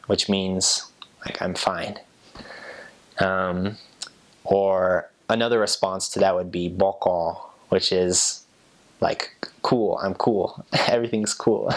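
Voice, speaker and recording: A young man, a former missionary, chatting in a relaxed way and explaining greetings with fillers and soft laughs. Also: low voice. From United States. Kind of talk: casual explanatory talk.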